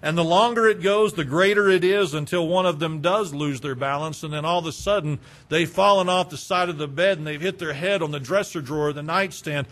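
A man's voice: on the high side, a little fast, few pauses, a bit bright. A man preaching a sermon as pastor, building with rhetorical questions.

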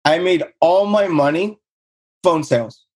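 Energetic husky-voiced man telling stories. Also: a little slow. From Southern California. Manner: energetic storyteller, acts out quotes in higher voice. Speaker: guest, real estate investor. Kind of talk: casual storytelling interview.

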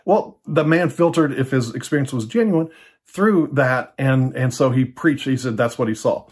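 An older man with a husky, slightly breathy voice talks through a Bible teaching without a script. He is relaxed and conversational, circling back on his words and filling pauses with "uh" and "you know." His pitch sits in an ordinary middle range. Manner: relaxed, repeats words, many fillers. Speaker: teacher of a church ministry. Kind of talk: casual unscripted teaching talk.

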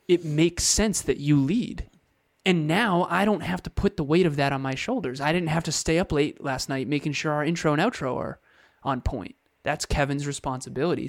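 A man's voice: a little high, normal speed, no room sound, studio quality. A man co-hosting a podcast, explaining his views in earnest, casual chat with short repeated phrases. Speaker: podcast co-host.

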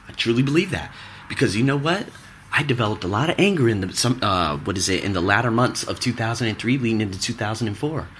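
Guy in his 30s, low voice, rambling personal story, lots of you know and whatnot, faint noise behind. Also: a bit bright. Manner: candid, rambling, many fillers. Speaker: podcast host.

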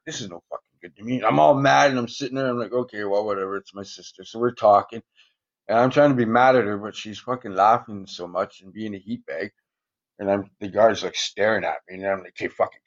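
A man's voice: lowish voice, muffled recording. A man casually telling profane, rambling stories in a podcast interview, chuckling often. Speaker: guest, former prisoner.

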